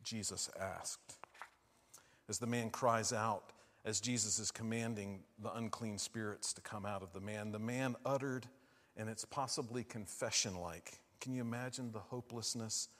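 A man preaching a sermon, asking his listeners questions and moving between hushed and loud, emphatic lines. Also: fairly low pitch, steady tone, moderate pace, long reverb tail.

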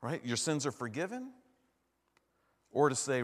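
A man's voice: mid-range voice, very animated, a little slow. A man preaching a conversational sermon, often checking in with "right?" and acting out the voices of people he quotes. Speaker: pastor. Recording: long hall reverb.

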